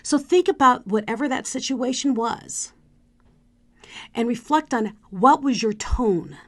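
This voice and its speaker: Animated woman speaker coach. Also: a little high, a little slow. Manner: animated, coaching tone with demonstrative asides. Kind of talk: motivational talk to camera.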